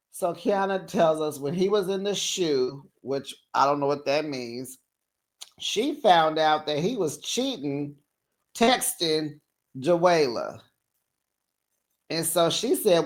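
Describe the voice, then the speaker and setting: A woman giving a casual reality-show recap, sassy and animated, with a lively voice that swings up and down. She talks slowly and unhurriedly at a mid pitch.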